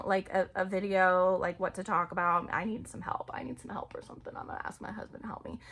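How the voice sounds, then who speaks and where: A woman vlogging in a casual, rambling monologue about spirituality. She is chatty and animated, and sometimes drops to a near-whisper. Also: mid-range voice.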